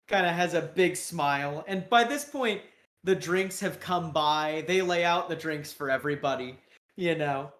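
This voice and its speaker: A game master narrating a tabletop roleplaying scene, easygoing and full of fillers. The voice sits at a middle pitch and is heard with a roomy echo. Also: moderate pace. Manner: loose, filler-heavy, laid-back narration.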